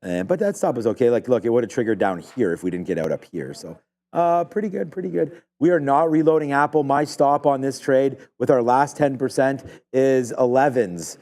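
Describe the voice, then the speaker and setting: Male trading host, live commentary, loose and rambling, relaxed dark timbre. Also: medium pitch, a little fast. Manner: rambling, excitable, filler-heavy.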